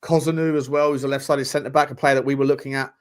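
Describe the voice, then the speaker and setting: A man's voice: mid-range voice, level tone, racing. A man co-hosting a football podcast, chatting casually with lots of slang, restarts and jokes. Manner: rambling, restarts and slang, jokey. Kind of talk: casual chat.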